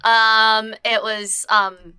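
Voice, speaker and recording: A woman's voice: fairly high pitch, level tone, very slow, pushed and bright, clear, resonant tone, dry recording. A woman playing a character in a tabletop role-playing game, chatting and joking with lots of fillers. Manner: chatty, laughing, many fillers. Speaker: player.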